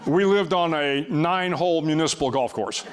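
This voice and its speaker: A man's voice: on the high side, moderate pace. Older man telling a wry story. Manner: wry, self-deprecating storytelling with frequent restarts. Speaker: guest speaker. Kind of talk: storytelling talk before an audience.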